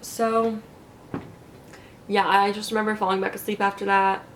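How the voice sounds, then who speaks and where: A woman's voice: medium pitch, flat delivery, moderate pace, slight background noise. A young woman recovering from surgery tells her story in a chatty, casual vlog, full of "like" and quoted asides, laughing often. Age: young adult. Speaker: vlogger.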